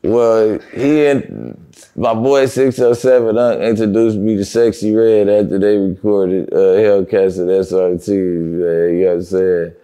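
A man's voice: fairly low pitch, a little slow. A man as an interview guest, telling a story casually, swearing a lot and laughing through it. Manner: animated storyteller, profane, often laughing.

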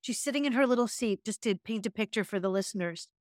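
A woman's voice: medium pitch, quick pace, no echo, clean studio sound. A woman co-hosting a podcast, chatting casually and telling stories expressively. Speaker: podcast co-host, yoga and meditation teacher.

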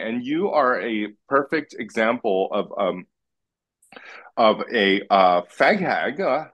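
A man's voice: fairly low pitch, animated, takes it slowly, a bit bright, dull audio. A man in casual podcast chat, blunt and teasing, swearing freely as he talks. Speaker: podcast guest.

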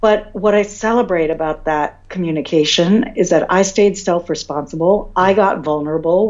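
A woman's voice: low voice, a little mellow, lo-fi sound. A woman guest telling a candid personal story, open and reflective, often restarting her sentences. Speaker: podcast guest.

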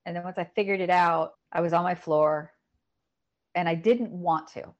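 A middle-aged woman telling a painful personal story in a podcast conversation, emotional and halting, often repeating words. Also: on the low side, fairly even intonation, a little mellow, dull audio. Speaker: podcast guest.

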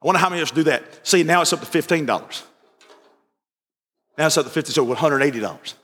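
A man delivers a sermon in a high, ringing voice that carries a sharp brightness. He tells stories and repeats phrases as he builds toward impassioned preaching. The sound rings out through a large, reverberant church hall. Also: fast, pauses often. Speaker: pastor. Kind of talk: evening sermon storytelling.

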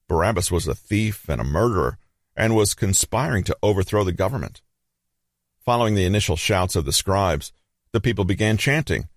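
A man narrating a scripted Bible story in a measured, grave manner, letting pauses hang between phrases. His voice sits very low. The sound is close and dry, with no room echo. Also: expressive.

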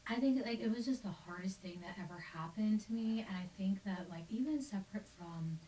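A soft-spoken woman interviewer sharing her own grief reflectively, often dropping to a near whisper. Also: mid-range voice, fairly quick. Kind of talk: reflective conversation about grief. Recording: distant mic with faint hiss.

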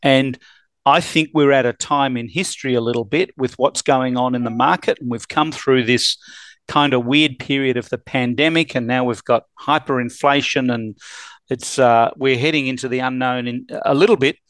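Australian male podcast host, friendly banter, mid-pitched, close dry mic. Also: fairly bright tone, no room sound. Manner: friendly, joking, quick to agree. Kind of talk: casual interview chat.

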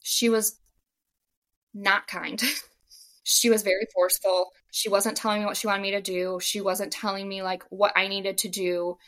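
A young woman recounts her story in relaxed podcast conversation. Her voice is bright, and she talks in an animated way, slipping into the voices of the people she quotes and filling gaps with "like.". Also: medium pitch, normal speed. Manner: animated, acts out quoted dialogue, frequent "like". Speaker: podcast guest. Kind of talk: casual storytelling.

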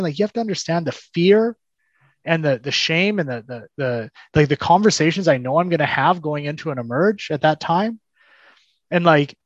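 Animated man telling his story. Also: a little high, a little fast, no room sound, highs cut off. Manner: animated, acts out quoted dialogue, frequent restarts. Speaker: podcast guest. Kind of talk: telling a personal story in conversation.

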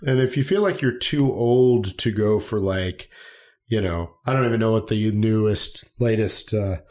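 Laid-back man with a lowish voice. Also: normal speed. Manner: relaxed, agreeable, many fillers and restarts. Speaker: podcast co-host. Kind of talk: casual chat.

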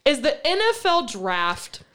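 A teenage girl trades quick, sassy banter with her father. Her voice sits on the higher side, and she sounds relaxed and confident. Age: teens. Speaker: daughter, co-host. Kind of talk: casual family chat.

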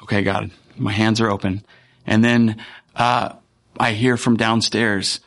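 A man, a pastor, giving a conversational and earnest sermon with frequent pauses and fillers. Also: on the low side, level tone, a bit bright.

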